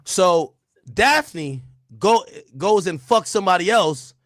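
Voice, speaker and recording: Man from Jamaica, high voice, lively swooping delivery, dry close mic, casual stream chatter. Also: slow, no echo. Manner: loud, animated storytelling with laughs and acted quotes. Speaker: streamer host. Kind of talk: casual livestream chat.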